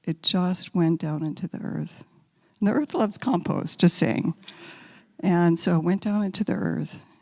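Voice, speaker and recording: A woman giving a spiritual talk as guest speaker, telling stories gently and sometimes dropping to a soft whisper, then leading a guided meditation. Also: fairly low pitch, unhurried, gravelly. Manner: gentle, intimate storytelling, drops to soft whispers. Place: large sanctuary. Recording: long hall reverb.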